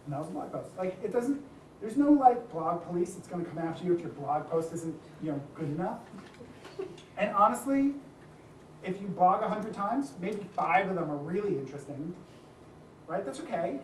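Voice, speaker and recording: A man's voice: high voice, very animated, moderate pace, a little hiss or hum. A man gives a casual talk to an event audience, chatty and full of asides. His voice carries a roomy echo from the hall. The mic sits some way off, with faint ambience behind him. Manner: chatty, with frequent asides and light laughter. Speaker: speaker at a design community event. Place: event room with a live audience. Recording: echoey room, distant mic, faint ambience.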